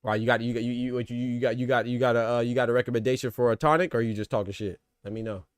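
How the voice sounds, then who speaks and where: A congested man runs a casual boxing podcast at a quick clip, circling back over his own words. His voice is close and dry, with no room around it. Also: medium pitch, steady tone, clean tone, no echo. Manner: rambling, repeats words, talks to chat. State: stuffed up. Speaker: podcast host.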